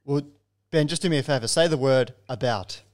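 A man's voice: mid-range voice, brisk. A man hosting a podcast interview, chatty and joking, tripping over his words now and then. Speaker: podcast host.

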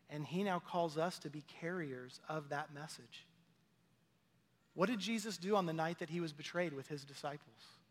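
A man's voice: on the high side, in a large hall. A man preaching a sermon as pastor, talking in a conversational way with personal stories and direct questions to his listeners.

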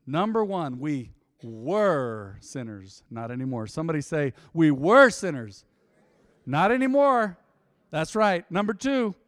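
A man's voice: fairly high pitch, dry recording, studio quality. A male pastor preaching a sermon, calling for responses from the congregation, joking and laughing, then leading an altar call and praying with rising fervor. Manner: call-and-response, playful with laughs, swelling into fervent prayer.

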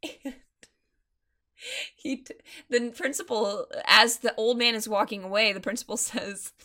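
A woman co-hosting a casual chat, animated and telling stories with acted quotes. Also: a little high, unhurried.

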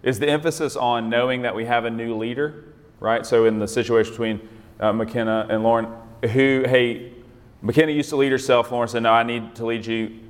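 A man's voice: medium pitch, steady tone, brisk, in a large hall. A man leading a group Bible study, talking conversationally, restarting phrases and often checking in with "right?". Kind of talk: teaching a group discussion.

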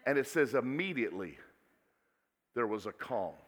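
Male preacher, bright and slightly high, with dramatic swings in volume, recorded in a reverberant hall. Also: very animated, moderate pace. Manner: dramatic swings from soft asides to loud exclamations. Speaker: pastor. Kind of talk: sermon. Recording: echoey hall with long reverb.

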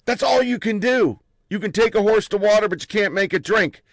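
A man telling army stories in a blunt, profane, animated way. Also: high voice, brisk, dry recording. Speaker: army veteran recounting stories. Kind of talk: profane casual storytelling.

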